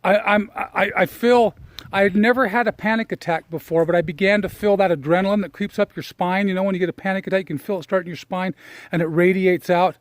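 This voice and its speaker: A man's voice: high-pitched, dry recording. Emotional man recounting a personal story. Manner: emotional, reflective, halting with fillers. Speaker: personal development speaker. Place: outdoors, walking on a property.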